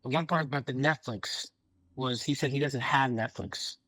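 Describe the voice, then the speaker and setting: A man who cuts in on a podcast with quick, eager remarks. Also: medium pitch, a bit bright, dry recording, rough recording.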